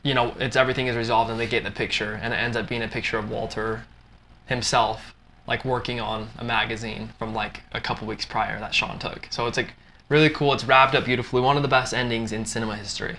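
A man's voice: mid-range voice, little pitch movement, fast, bright, forceful tone, slight background noise. A young adult man hosting a podcast, retelling a film plot in a loose, rambling way full of "like". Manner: loose and rambling, heavy use of "like". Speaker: podcast host.

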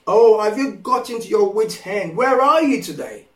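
A man preaching a sermon, slow and emphatic, repeating phrases and rising to impassioned pleas. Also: high voice, very animated, fairly bright tone. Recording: echoey room from far off.

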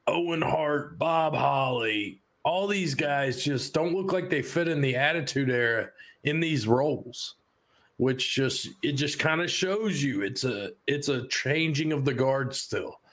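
A man's voice: medium pitch, animated, measured pace, fairly bright tone. A man co-hosting a podcast, chatting casually about a wrestling show, laid-back and cursing freely. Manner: laid-back, swears, laughs often. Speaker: podcast co-host. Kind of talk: casual wrestling review chat.

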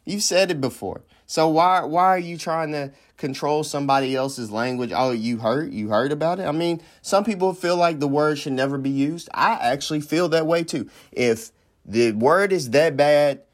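A man's voice: on the high side, moderate pace. A man hosting a podcast in casual comedic commentary, joking and rambling with slangy asides. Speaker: podcast host.

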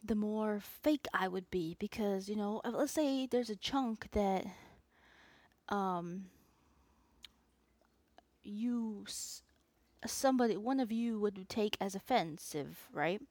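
Speaking slowly with frequent pauses, a woman hosts her own solo podcast in a mid-range, darkish voice, recorded dry. Her unscripted talk rambles, self-aware and chatty, with plenty of asides and restarts.

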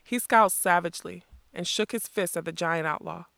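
A narrator reading a fantasy story aloud in a steady, measured way. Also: medium pitch, vocal fry, no echo, studio quality. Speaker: audiobook narrator.

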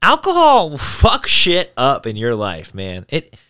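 Male host, casual chat, bright dry voice, profane and animated. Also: medium pitch, measured pace, clear, resonant tone, no room sound.

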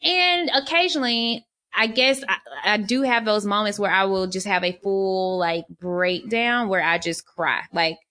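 A woman's voice: mid-range voice, measured pace, pushed and bright. A woman on a podcast talking openly and reflectively about herself. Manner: open, reflective, chatty. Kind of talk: casual chat.

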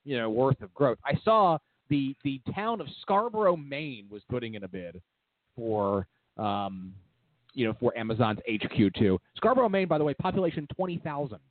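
A man's voice: mid-range voice, animated, normal speed, no echo. A man hosting a casual political talk radio show, rambling and wry with lots of fillers. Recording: dry, tinny phone-like sound.

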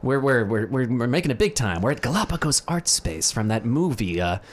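A man telling stories in a casual podcast chat, animated, with many fillers and restarts. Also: mid-range voice, brisk.

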